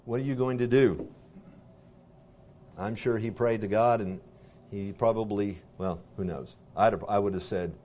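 A man reading scripture aloud and pausing to explain it in a conversational way, asking his listeners questions. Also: on the low side, darkish tone, a little hiss or hum. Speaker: Bible teacher.

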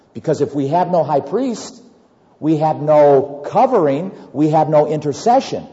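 A man preaching a sermon and reading scripture aloud, swinging between loud emphasis and hushed low asides. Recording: dull audio with long hall reverb.

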